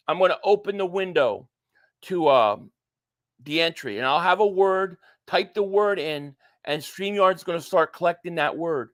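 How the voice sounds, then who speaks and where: A man's voice: high-pitched, dry recording, studio quality. A man hosting a casual live stream, chatting and reading viewer comments aloud.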